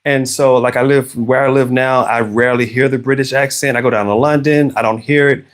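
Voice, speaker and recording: Crafting at home, a livestream host from Arkansas chats casually in a Southern American accent, rambling and frequently restarting his sentences. His mid-range voice holds a steady tone and moves at a brisk clip.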